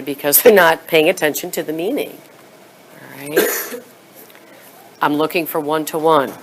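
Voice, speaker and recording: A woman presenting a teacher training session in a workshop room. She acts out classroom prompts and drops to a whisper to model them. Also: deep voice.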